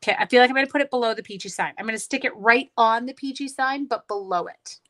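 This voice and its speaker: A middle-aged woman with a fast, higher-pitched, fairly bright voice leads a card-making livestream. She chats easily with her audience and narrates each step aloud to herself.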